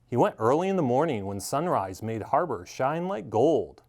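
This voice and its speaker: A man reading a children's story aloud, animated and expressive. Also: mid-range voice, normal speed.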